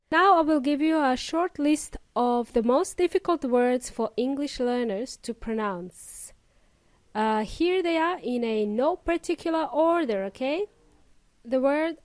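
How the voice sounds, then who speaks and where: Slow, high-voiced woman teaching English. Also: dry recording. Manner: slow, careful, emphatic teaching delivery. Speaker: English teacher and podcast host. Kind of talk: podcast lesson for English learners.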